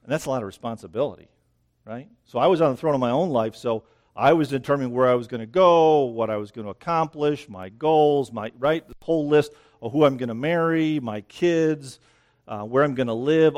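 A man's voice: medium pitch, fairly quick, darkish tone. A man preaching a sermon outdoors, a little out of breath, in a conversational way that keeps checking in with the listeners. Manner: conversational, keeps asking "right?". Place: outdoors near dense greenery.

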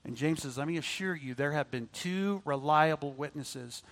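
A man preaching a sermon, moving between loud emphatic lines and quiet asides. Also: a little high, normal speed.

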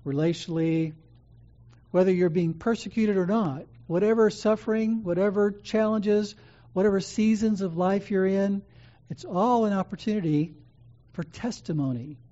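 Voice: medium pitch, measured pace, long pauses, warm tone. A preacher delivering an earnest sermon, repeating key phrases with emphatic build-ups, in a slightly dull recording.

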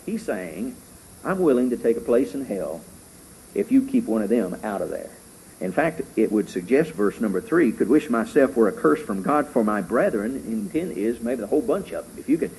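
A middle-aged man preaching a sermon as pastor, fervent and rising loud when he reads scripture. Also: medium pitch, big pitch swings, moderate pace, slight background noise, poor audio.

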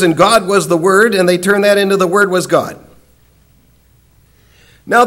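A man with a high-pitched voice teaches a Bible class. He explains each point emphatically and slows down to lean on key words. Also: fairly bright tone.

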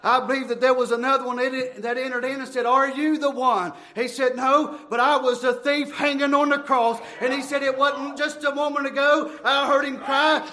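A man preaching a fervent sermon, shouting in bursts and running out of breath. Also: very high voice, level tone, moderate pace, hardly any pauses, background noise.

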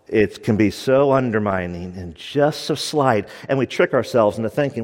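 A man's voice: mid-range voice, animated, normal speed, hardly any pauses, in a large hall. A man preaching a sermon as pastor, emphatic and repeating his key lines for stress.

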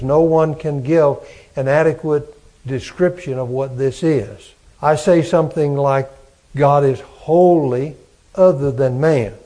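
A man preaching a sermon as pastor, slow and emphatic, building on repeated phrases. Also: a little high, warm tone.

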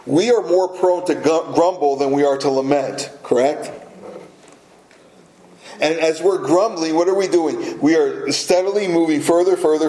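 A man preaching a sermon as pastor, deliberate and emphatic, repeating words for weight. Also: on the high side, warm tone, reverberant, low-quality recording.

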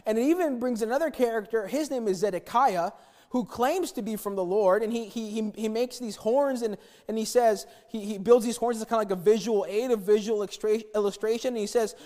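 A man preaching a sermon, retelling a Bible story in an animated way and acting out the quotes. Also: high-pitched, a little fast, big-room sound. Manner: animated storytelling, acts out quotes, repeats words.

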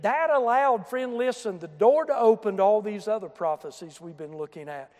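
A man preaching a fervent sermon to his congregation, moving between quiet asides and shouted emphasis. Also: sits high, animated, moderate pace, big-room sound. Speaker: pastor. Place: church sanctuary.

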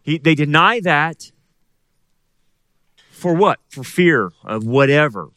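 A man's voice: a little high, expressive, takes it slowly, bright, forceful tone, dry recording. A middle-aged man preaching a sermon as pastor, asking the congregation rhetorical questions.

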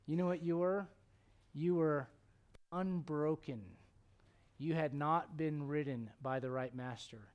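A man preaching a sermon, telling stories and acting out the quotes, sometimes dropping to a hushed tone. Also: a little high, takes it slowly, clear, resonant tone. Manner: animated storytelling, acts out quotes, drops to hushed tones.

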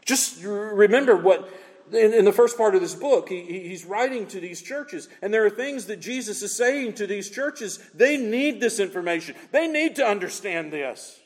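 Male pastor, high and very animated, emphatic rhetorical preaching, long hall reverb. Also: normal speed. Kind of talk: sermon.

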